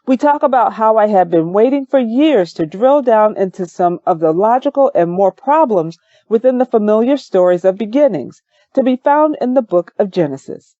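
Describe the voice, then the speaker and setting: A woman giving a measured, calm first-person audiobook narration on a close mic, in a slightly dull recording. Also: on the high side, no room sound.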